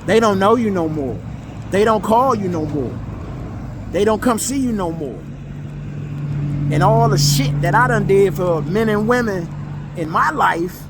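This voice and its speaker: A man's voice: high-pitched, background noise. A man giving a blunt, emotional monologue, profane and repeating himself for emphasis. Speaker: vlogger.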